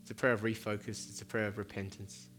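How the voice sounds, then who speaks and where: A man's voice: lowish voice, little pitch movement, fast, fairly bright tone, soft background music. A man who is a pastor, leading an earnest altar-call prayer at a church service and often repeating words as he speaks.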